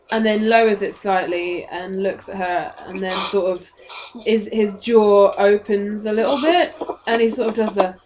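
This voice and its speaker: A woman's voice: mid-range voice, noisy background. Woman narrating a tabletop game. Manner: descriptive, matter-of-fact. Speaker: game master.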